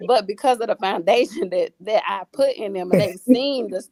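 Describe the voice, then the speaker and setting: A woman's voice: mid-range voice, normal speed, darkish tone, no room sound. A woman guest on a faith talk show, a single mother, speaking with a preachy, repeating style full of restarts.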